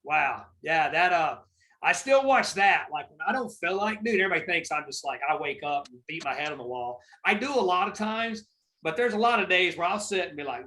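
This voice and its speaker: A male podcast host with a high, bright and forceful voice. He tells stories in a rambling, emphatic way, swearing freely in casual chat. His delivery pushes hard on the points he cares about. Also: expressive, brisk, rough recording. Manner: profane, rambling, emphatic storytelling.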